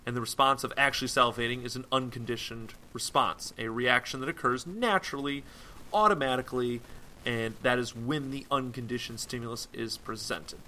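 A man explains a psychology topic in a relaxed classroom style. His voice is bright and forward. He talks loosely, with plenty of fillers and quick self-corrections. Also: medium pitch, slight background noise. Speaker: psychology teacher. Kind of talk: casual explanatory lecture.

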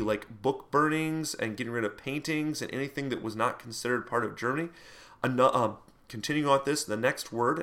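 A man lecturing to a class in a relaxed, conversational manner. He wanders through fillers and side comments as he explains. His voice sits at an ordinary middle pitch. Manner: puts on mock voices for quoted speech. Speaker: teacher.

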